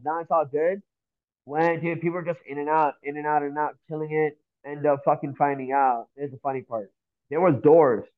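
A man from Miami telling a story in casual talk, animated and swearing often, acting out the voices of the people in it. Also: a little high, narrow, tinny audio. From Miami, Florida. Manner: animated, swears a lot, acts out voices in stories. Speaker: guest.

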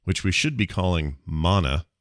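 A man's voice: low voice, fairly quick, fairly bright tone, no echo, clean studio sound. A man hosting a live stream in casual, chatty talk, laughing easily with his co-host. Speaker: show host.

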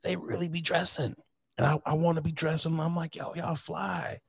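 A man's voice: fairly high pitch, flat delivery, brisk, husky. A man hosting a casual podcast chat, joking around and laughing often as he tells stories. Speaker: podcast host.

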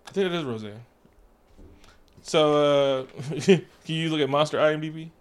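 A man with a fairly high voice talks loosely and loudly, swearing freely as he recaps a film. His telling is animated and full of jokes. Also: moderate pace, clear, resonant tone. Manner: loud, profane, joking, animated retelling. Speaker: podcast co-host. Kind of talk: casual chat recapping a movie.

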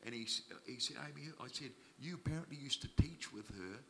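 A man preaching, telling a personal story in an animated way and acting out the people he quotes. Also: medium pitch, fairly quick, slight background noise. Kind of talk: storytelling sermon.

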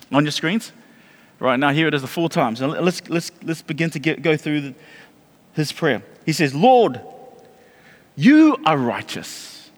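High-voiced man preaching in a hall. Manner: animated preaching with repetitions and restarts. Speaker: pastor. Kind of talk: sermon.

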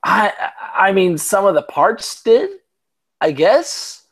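A man's voice: high voice, very animated, slow pace, husky. A tipsy man co-hosting a sports chat, rambling, profane, full of stammered restarts. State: tipsy from drinking. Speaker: podcast co-host.

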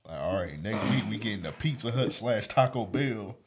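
A man co-hosting a podcast, making deadpan, teasing jokes in casual banter. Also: lowish voice, normal speed. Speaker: podcast co-host. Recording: clear background noise.

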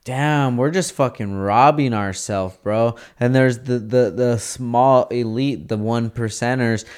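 A man's voice: medium pitch, slow, a little mellow, clean tone. A man in casual podcast chat, talking brashly and profanely and mimicking people in his stories.

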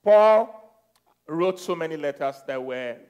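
A man's voice: on the high side, animated, a little slow, clean tone, lo-fi sound. Man preaching, fiery and repetitive. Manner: repeats phrases and leads call-and-response declarations; swings from soft teaching to loud exhortation. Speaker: pastor. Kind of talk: sermon.

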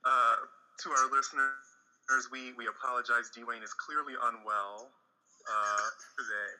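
A man with a bright but flat-toned voice speaks deadpan on a casual wrestling podcast. He keeps a measured, dry delivery. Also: mid-range voice, rough recording. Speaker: podcast panelist.

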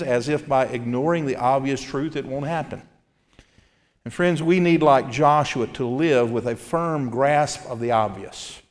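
A man's voice: medium pitch, in a large hall. A male pastor giving an earnest sermon from the pulpit and reading scripture aloud. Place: church sanctuary.

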